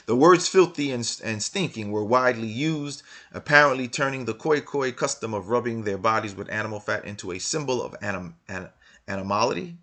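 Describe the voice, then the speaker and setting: A man's voice: medium pitch, expressive, a little fast, bright, forceful tone. A man reading passages from a book aloud and commenting on them, hammering his points with repeated rhetorical questions. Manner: argumentative, many restarts. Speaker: religious commentator.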